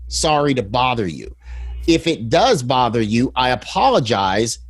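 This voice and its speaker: Male sales coach, podcast guest, animated and emphatic, conversational. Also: medium pitch, unhurried. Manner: animated storyteller, emphatic, repeats words.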